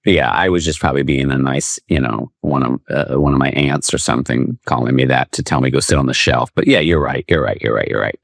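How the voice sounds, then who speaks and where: Male podcast guest from the American South, very low voice, rambling dry wit, close dry sound. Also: a little fast, gravelly, hardly any pauses, no room sound. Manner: rambling, dry sarcastic humor. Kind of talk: casual interview chat.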